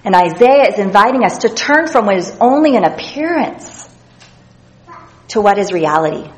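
In a low-quality recording, a woman with a mid-range voice speaks at normal speed in an animated way. She delivers an earnest, reflective devotional Bible teaching, reading scripture passages aloud along the way.

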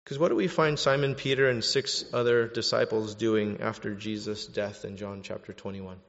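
A man preaching a sermon, animated, swinging between loud bursts and hushed stretches. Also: on the low side, moderate pace, gravelly. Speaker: pastor. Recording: dull sound with long hall reverb.

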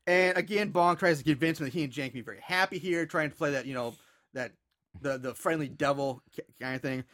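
A man with a high, bright voice casually walks through a movie's plot on a podcast. He stumbles over his words, laughs often and talks loosely. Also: brisk. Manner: relaxed, laughing, retelling plot with filler words. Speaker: podcast host.

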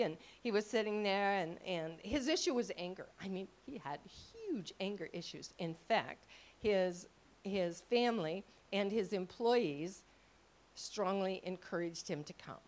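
A woman's voice: mid-range voice, lively intonation, moderate pace. A woman giving a sermon with slides, telling stories and quoting conversations, with frequent questions to the audience. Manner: storytelling, quotes people in dialogue. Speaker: ministry speaker.

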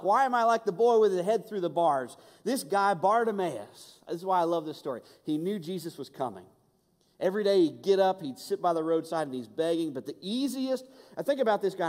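Impassioned preacher, ringing hall reverb. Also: male voice, sits high. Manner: impassioned, swings between loud urgency and hushed intimacy, stammers and repeats words. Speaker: pastor. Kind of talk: sermon. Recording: long reverb of a large hall.

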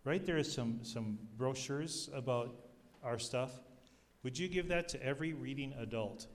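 A man giving a sermon, telling stories with humor in an animated way. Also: mid-range voice, normal speed. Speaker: youth ministry speaker. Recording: long hall reverb.

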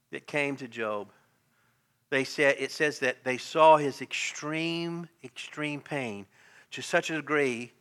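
Animated, bright-voiced male pastor preaching. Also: fairly high pitch. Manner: animated, laughing often, swings from loud exclamations to quiet hushed lines. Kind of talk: sermon.

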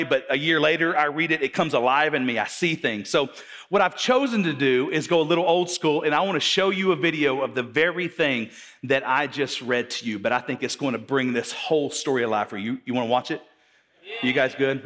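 A man's voice: a little high, fairly bright tone. Man, preacher, sermon, repeats himself, asks the crowd questions, reverberant hall, faint music.

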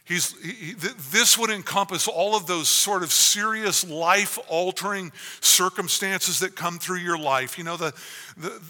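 A man's voice: high voice, a little slow, bright, forceful tone, big-room sound. A man preaching a sermon as pastor, earnest, with frequent restarts.

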